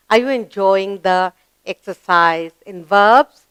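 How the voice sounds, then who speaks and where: A woman with an Indian English accent teaching a children's grammar lesson, asking questions, answering them herself and praising in a drawn-out, sing-song way. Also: medium pitch, animated, a bit bright, clean tone, no echo.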